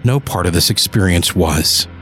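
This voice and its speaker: A man's voice: sits low, moderate pace, fairly bright tone, faint music behind. Man narrating a tense audio drama. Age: adult. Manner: desperate, pleading in dialogue. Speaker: narrator and lead character. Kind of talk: first-person dramatic narration.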